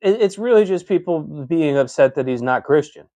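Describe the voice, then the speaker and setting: Guy with higher-ish voice debating, says like a lot, dry room. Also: animated, normal speed, mellow, dry recording. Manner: argumentative, fills with "like". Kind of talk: casual chat.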